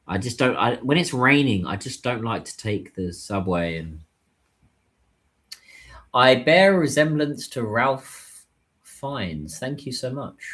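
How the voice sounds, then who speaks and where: A man talks casually on a livestream, with a slightly low-pitched voice. He muses to himself and answers viewers' comments as he waits in a taxi queue, recorded on a phone. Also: fairly bright tone. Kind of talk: casual live-stream chat.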